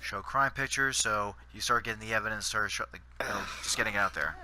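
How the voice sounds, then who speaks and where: A man's voice: on the low side, quick pace, pushed and bright. A Canadian man giving rambling gameplay commentary, full of fillers and restarts. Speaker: gaming channel host.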